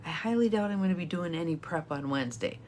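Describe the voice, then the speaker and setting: An older woman giving casual, encouraging guidance on setting boundaries, chatting to viewers in a warm, chatty way. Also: fairly low pitch, animated, fast, slight background noise. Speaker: intuitive guidance coach. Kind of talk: casual motivational talk to live viewers.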